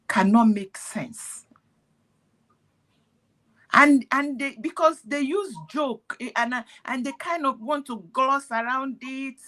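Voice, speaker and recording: Slow, bright-voiced woman preaching. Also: on the high side. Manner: earnest, preachy, speaks in parables. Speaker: activist speaking on a call. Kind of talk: impassioned commentary.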